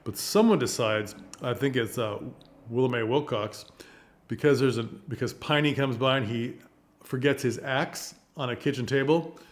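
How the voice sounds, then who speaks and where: A man in a relaxed, unscripted review, talking through his thoughts on a play as they come to him. His delivery wanders and circles back, with lively little asides, at an ordinary middle pitch for a man. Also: moderate pace. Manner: rambling, thinks aloud, animated asides. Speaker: theater reviewer. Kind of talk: casual spoken review.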